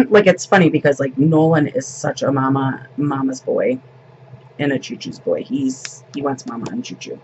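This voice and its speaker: A woman's voice: rumbling low, normal speed, dull audio, background noise. A woman in her fifties, a grandmother and vlogger, telling a family story in casual, rambling chat.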